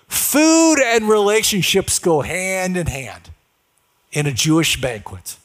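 A man's voice: sits high, a bit bright. A male pastor preaching a sermon in a conversational way, often putting questions to the congregation.

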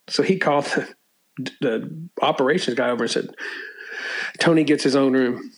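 An older man tells stories in a casual interview, restarting often, clearing his throat and laughing at his own tales. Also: mid-range voice, normal speed, low-quality recording. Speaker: former college sports media relations staffer, guest.

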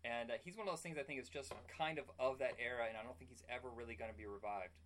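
A man's voice: mid-range voice, fairly bright tone, slight background noise. A man co-hosting a podcast, chatting casually and giving firm opinions. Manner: fast-talking, opinionated. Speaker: podcast co-host. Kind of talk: casual chat.

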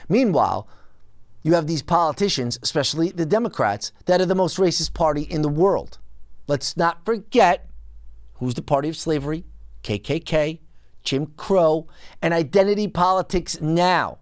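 Host, political monologue: indignant, emphatic, big pitch jumps, dry close sound. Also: expressive, normal speed, no room sound. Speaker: podcast host.

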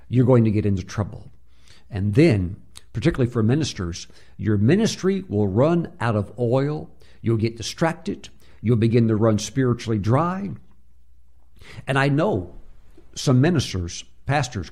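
A man's voice: mid-range voice, very animated, normal speed, mellow. A man preaching a sermon, telling a story with many filler uhs and acting out the voices he quotes.

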